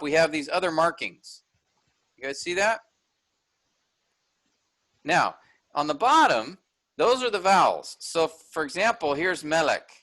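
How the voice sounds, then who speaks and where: A man's voice: on the high side, fairly bright tone, low-quality recording. A man teaching an online workshop, explaining a text step by step and checking in with his listeners.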